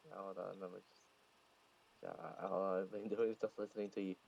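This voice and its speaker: A man talks casually over a voice call, his voice low and gravelly with fry. He breaks in with quick, chatty asides. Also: flat delivery, darkish tone, lo-fi sound. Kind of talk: casual chat.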